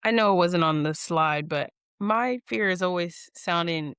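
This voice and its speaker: A woman's voice: lowish voice, measured pace, a bit bright, clear, resonant tone, no room sound, clean studio sound. A woman student in an online class, repeating phrases and asking a question in a careful, hesitant way.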